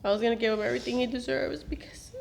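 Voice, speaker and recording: Middle-aged mother as host, high-pitched, reminiscing and switching into Spanish. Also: racing, vocal fry, slight background noise. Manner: switches into Spanish, acts out quotes. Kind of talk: emotional family reminiscing.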